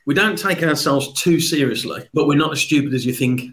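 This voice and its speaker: A man's voice: on the high side, a little fast, a bit bright. A man with a Birmingham accent, talking as a sales trainer guest in an upbeat, talkative podcast interview.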